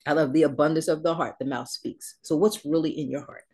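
A woman's voice: low voice, fairly even intonation, a little fast, darkish tone, husky. Lady pastor preaching real casual and chatty, slangy asides, then praying. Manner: conversational preaching with slang and asides, ending in prayer. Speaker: minister. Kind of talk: casual sermon.

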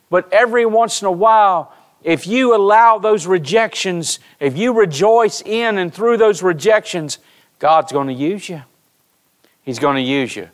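A man preaching a sermon in a church, telling stories and speaking directly to his congregation. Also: high voice. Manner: storytelling preacher, animated, addresses congregation directly. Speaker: pastor. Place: church sanctuary.

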